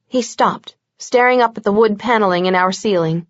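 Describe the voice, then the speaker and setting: A woman's voice: mid-range voice, moderate pace, few pauses, no room sound. A woman narrating a first-person audiobook with a wry, sarcastic manner. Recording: dull dry lo-fi recording.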